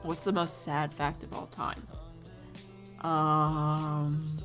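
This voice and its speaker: Low-key giggly young woman streamer. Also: level tone, very slow, a bit bright, soft background music. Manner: rambling, giggly, swears casually. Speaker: streamer drawing a storyboard. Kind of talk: casual chat while drawing.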